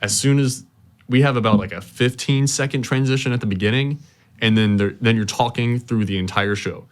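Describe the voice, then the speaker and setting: A man's voice: medium pitch, fairly even intonation, fairly quick, clean tone. A teenage boy talking earnestly as a student guest, often repeating words as he restarts. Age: teens. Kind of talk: casual interview chat.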